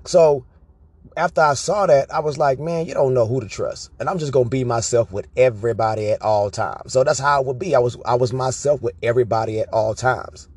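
Husky man telling animated stories. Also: medium pitch, a little fast, dry recording. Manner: animated, profane, tag questions like "right?". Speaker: vlogger. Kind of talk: casual storytelling monologue.

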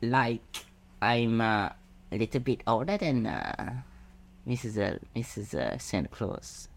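A man voicing a young-sounding female Christmas elf in a halting falsetto, full of ums and likes, for comic podcast role-play. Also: expressive, creaky. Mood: hesitant.

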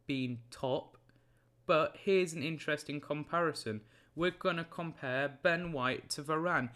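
A young man, hosting a casual solo football podcast in a rambling, jokey way with quick self-corrections. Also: a little high, sharp tone, clear, resonant tone.

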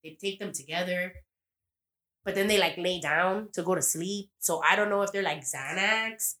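Casual young woman with a low voice. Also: moderate pace, sharp tone. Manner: rambling, profane, acts out quoted lines. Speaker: podcast host. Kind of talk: casual TV recap chat.

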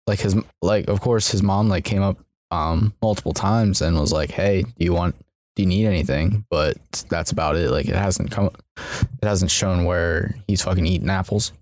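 A man's voice: low-pitched, normal speed, a little mellow, no echo, clean studio sound. A man on a podcast over a video call, rambling with many fillers and swear words. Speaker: podcast guest. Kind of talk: casual chat.

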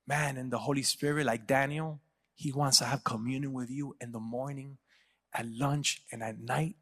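Male pastor, story-driven sermon, mid pitch, long church reverb. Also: fairly even intonation, normal speed. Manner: storytelling, acting out quoted voices.

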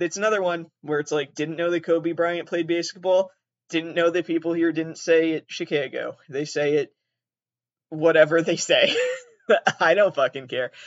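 On his casual solo podcast, a man from southeastern Massachusetts rambles in a fairly high voice with an accent like the upper Midwest or southern Canada. He laughs partway through sentences, swears freely, and pokes fun at himself. The recording has no room sound and its highs are cut off.

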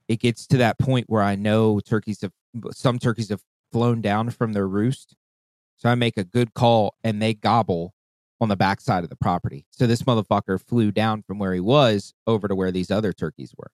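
A lowish-voiced man, recorded without echo, tells a drawn-out hunting story in a casual way. He swears heavily and animatedly acts out the various voices and calls.

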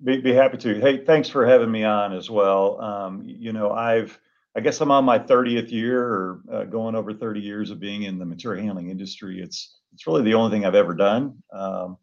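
A man's voice: fairly low pitch, fairly quick, gravelly. A man in his fifties from Michigan, a podcast guest who talks in an easygoing, affirming way. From Michigan, USA. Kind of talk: casual podcast chat. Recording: dull lo-fi remote audio.

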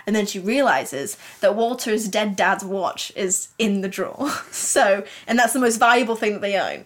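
A woman's voice: medium pitch, fairly bright tone. A woman co-hosting a podcast, retelling a story in a rambling, giggly way, full of fillers and restarts. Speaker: podcast co-host. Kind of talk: casual chat, retelling a fan story.

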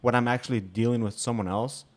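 A man's voice: mid-range voice, steady tone, quick pace. A young man co-hosting a casual podcast at home, telling stories with lots of swearing and acted-out quotes. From Nebraska, US. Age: young adult. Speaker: podcast co-host. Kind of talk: casual chat. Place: home room.

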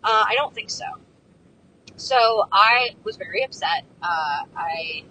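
A woman's voice: mid-range voice, lively intonation, slow, bright, forceful tone, rough recording. A young woman telling a story while driving, rambling and exasperated, with lots of fillers and swearing. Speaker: vlogger. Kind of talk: casual storytelling vlog. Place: inside a moving car. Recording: faint car engine noise. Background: faint road and vehicle noise.

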